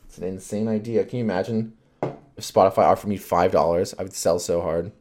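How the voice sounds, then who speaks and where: A man's voice: low voice, fairly even intonation, brisk, dark tone, a little hiss or hum. A man hosting his own podcast, rambling in casual chat, full of fillers and swearing and laughing often.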